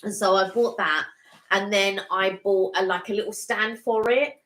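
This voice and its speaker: Bright, chatty woman. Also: mid-range voice, steady tone, moderate pace, reverberant, rough recording. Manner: rambling, chatty, lots of fillers. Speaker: co-host. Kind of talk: casual livestream chat.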